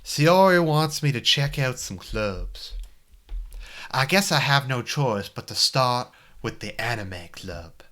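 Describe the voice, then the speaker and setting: A man's voice: mid-range voice, animated, slow, sharp tone. A man putting on an old-fashioned Southern drawl to play a listless teenage boy narrating a visual novel in a mock-grand, folksy way. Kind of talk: dramatic reading of a visual novel.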